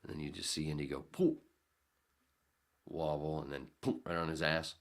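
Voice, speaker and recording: A man's voice: a bass voice, level tone, moderate pace. A man hosting a podcast, telling a rambling story in a casual way, swearing freely and acting out scenes with sudden jumps in his voice. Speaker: podcast host.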